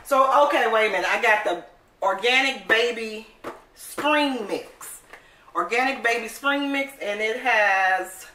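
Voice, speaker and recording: Chatty high bright-voiced woman in an echoey kitchen. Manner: chatty and upbeat, calls viewers "baby"; excited, admits talking fast. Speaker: cooking channel host. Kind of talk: casual cooking vlog chat. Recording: roomy echo, mic at a distance, faint noise.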